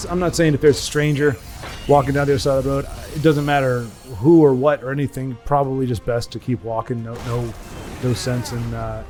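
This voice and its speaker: A man with a mid-range voice hosts a gaming channel, chatting and rambling casually over his gameplay. He corrects himself often, drops folksy asides, and slips into goofy voices when quoting people.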